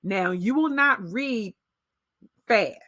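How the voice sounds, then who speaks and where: A woman teacher walks parents through reading skills at a measured, deliberate pace. Her voice sits in a middle pitch. The sound is close and dry, with no room around it. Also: expressive, sharp tone, no echo. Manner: slow, deliberate modeling of read-aloud pacing. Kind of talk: instructional explanation for parents.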